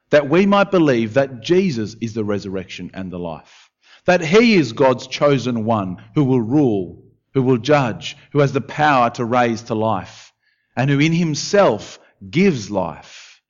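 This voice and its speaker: Man, sermon, lively pitch, hushed-to-urgent delivery, muffled recording. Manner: expressive preaching, dropping to hushed tones and rising to urgent questions. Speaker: pastor.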